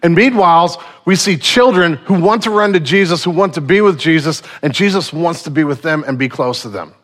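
A man in his thirties preaching a sermon, lively and conversational, acting out the people in his stories. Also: a little high, a little fast. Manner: animated storytelling, acting out quotes. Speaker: pastor.

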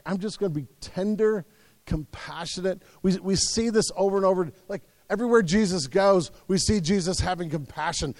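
A man preaching a sermon in an earnest way, repeating words and swinging between loud and soft. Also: high voice, no echo, in a large hall. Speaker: pastor.

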